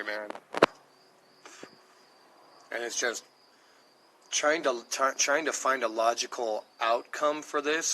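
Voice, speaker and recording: This American man, in his thirties, addresses his stream with a rambling, swear-heavy monologue, stressing points and thinking out loud through a dry throat. His medium-pitched voice sounds sharp on a low-quality recording with slight background noise.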